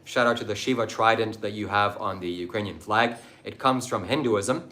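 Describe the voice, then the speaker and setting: A man's voice: lowish voice, moderate pace, bright, forceful tone. A man hosting a livestream, answering viewers in a combative, mocking, preachy way. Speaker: livestream host. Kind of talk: livestream talk answering chat.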